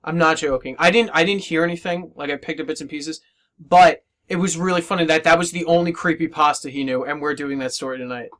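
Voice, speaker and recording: A man chatting casually on a podcast with friends, teasing and quick to laugh. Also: on the high side, fairly even intonation, fairly bright tone. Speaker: podcast co-host. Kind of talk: casual chat among friends.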